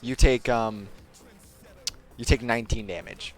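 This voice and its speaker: A man's voice: mid-range voice, steady tone, a little slow, soft background music. Casual swearing game master, man. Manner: casual, swearing, filler-heavy description. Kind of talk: narrating a tabletop game.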